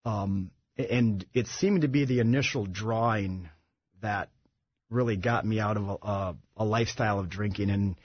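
A man with a lowish, slightly breathy voice tells his recovery story as a radio guest. He speaks haltingly and often restarts his sentences. The sound is dry and a little dull. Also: no room sound. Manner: halting, with many restarts and fillers. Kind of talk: personal recovery testimony. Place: radio studio.

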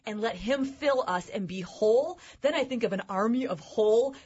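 A woman guest on a faith talk show, telling personal stories in an animated way. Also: fairly high pitch, normal speed, breathy edge, highs cut off.

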